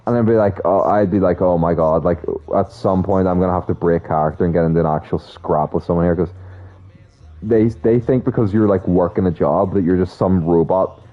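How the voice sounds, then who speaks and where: A man's voice: low voice, brisk. A young man chatting casually to his stream audience, swearing a lot as he tells rambling stories. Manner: profane, rambling, animated storytelling. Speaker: streamer talking to chat. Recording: slightly dull sound with faint music. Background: faint music.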